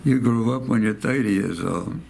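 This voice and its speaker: A man's voice: fairly low pitch, normal speed, vocal fry, a little mellow, slight background noise. A man, telling a war story in a rambling oral-history interview and repeating his phrases. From United States. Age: 90s. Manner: rambling, repeats phrases, acts out quoted voices.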